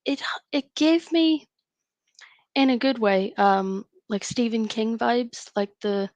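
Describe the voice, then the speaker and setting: A woman's voice: fairly high pitch, slow, darkish tone, no echo, lo-fi sound. A woman, hosting a live writing stream and chatting casually as she thinks aloud. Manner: chatty and rambling, thinking aloud between tasks.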